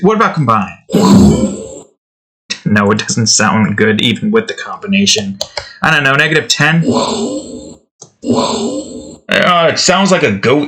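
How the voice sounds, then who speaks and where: A man's voice: medium pitch, bright, forceful tone. A man casually talking to himself as he tweaks sound effects for a game he's making, rambling and cutting himself off. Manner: rambling, self-interrupting, chuckling to himself. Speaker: game developer vlogger. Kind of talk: casual thinking-aloud commentary while editing sounds.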